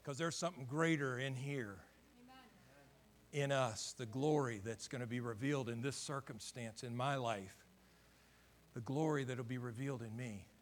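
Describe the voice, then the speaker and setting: A man's voice: mid-range voice, normal speed. A middle-aged man preaching a sermon as pastor, building to fervent emphasis.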